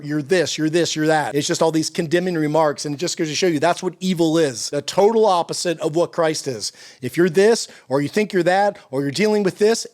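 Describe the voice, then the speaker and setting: Man, middle-aged, fairly high-pitched, sermon-style encouragement, earnest, repetitive emphasis. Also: darkish tone. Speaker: Christian encouragement speaker.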